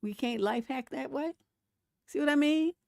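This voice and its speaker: A woman hosting a live stream, reading memes and commenting in a sassy, animated way, laughing often and mimicking grumpy voices. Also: high voice, moderate pace, gravelly, no echo, clean studio sound. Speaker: relationship coach and show host.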